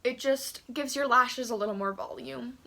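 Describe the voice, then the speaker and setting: A woman with a notably high voice talks the viewer through her makeup step by step. Her tone is chatty and casual, and she pokes gentle fun at herself as she goes. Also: moderate pace, gravelly, a little hiss or hum. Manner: chatty, self-deprecating, talks while doing makeup. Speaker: beauty vlogger. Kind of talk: casual makeup tutorial chat.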